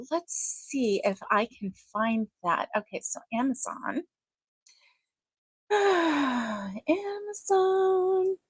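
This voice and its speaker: Slow, chatty woman livestreaming. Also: mid-range voice, fairly bright tone, no echo. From United States. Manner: slow and chatty, many ums, greets viewers by name. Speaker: crochet livestream host. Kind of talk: casual livestream chat.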